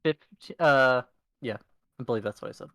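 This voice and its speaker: A man acting as game master, narrating a tabletop game over voice chat in a relaxed, self-deprecating way. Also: medium pitch, normal speed, dry recording.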